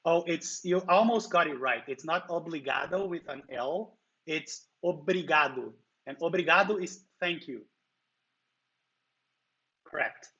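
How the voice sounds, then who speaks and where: A man's voice: fairly high pitch, expressive, a little slow, long pauses, sharp tone, highs cut off. A man from Brazil with a heavy Brazilian Portuguese accent, hosting a livestream and chatting casually, answering viewers' comments. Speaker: livestream host.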